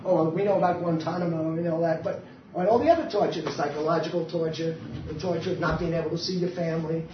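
A woman activist speaking bluntly and defiantly at a public meeting, telling stories with animation. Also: on the low side. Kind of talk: impassioned live talk. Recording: echoey hall, distant mic, dull sound, faint hiss.

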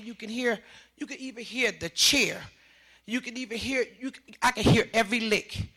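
An older woman giving emotional personal testimony as a mother, talking emphatically and repeating herself, her voice rising into shouts. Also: medium pitch, normal speed, creaky, breathy edge.

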